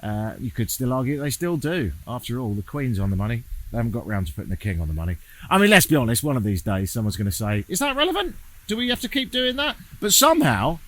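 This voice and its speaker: Guy walking around town filming his travel vlog, dry sarcastic jokes, voice swings up and down a lot. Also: medium pitch. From England. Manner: sardonic, swearing, self-mocking asides. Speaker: travel vlogger. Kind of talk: casual travel vlog narration. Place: outdoors, walking through a town.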